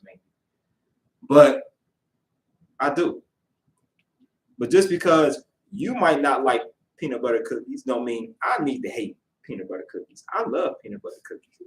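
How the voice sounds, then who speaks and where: A man leading a Sabbath lesson, talking conversationally and checking in with rhetorical questions. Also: medium pitch. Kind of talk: lesson with storytelling. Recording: roomy echo, mic at a distance.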